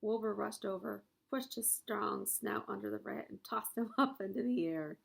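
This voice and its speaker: A woman's voice: medium pitch, moderate pace, creaky, breathy edge. A woman reading a children's novel aloud. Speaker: reader.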